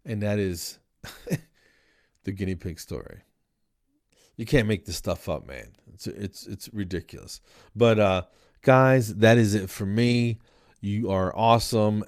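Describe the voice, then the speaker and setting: A man from New Jersey hosting a podcast, telling a comic story in an animated, exasperated way and acting out the dialogue. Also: lowish voice, slow, long pauses. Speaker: podcast host.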